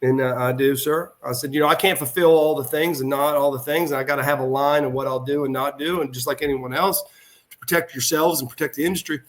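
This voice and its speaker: Talking fast in a mid-range voice, a middle-aged guest who was once a pro wrestler spins a lengthy, emotional tale during a casual podcast interview. He keeps backing up to restart and plays out the dialogue with lively feeling.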